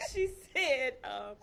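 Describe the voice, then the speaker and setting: A woman shares her own story in casual chat, animated and laughing as she acts out the voices of the people she quotes. Her voice is very high with vocal fry, and there's a little hiss or hum.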